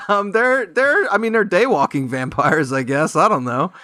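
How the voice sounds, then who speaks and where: Man, fairly high voice, game show panelist, rambles through silly bits, dry close sound. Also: unhurried, no room sound. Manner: joking, rambling, deadpan absurd riffs. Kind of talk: improv comedy game show banter.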